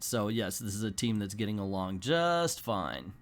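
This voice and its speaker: A man's voice: on the low side, expressive, normal speed. A man hosting a comic book video, recapping a story in a casual, chatty way with joking asides.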